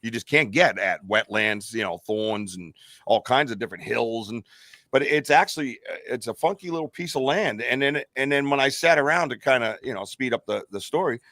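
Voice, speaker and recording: An American man co-hosts a podcast, rambling through a long personal story full of fillers and restarts. His mid-range voice is expressive, brisk and a bit bright. The recording is dry, with clean studio sound.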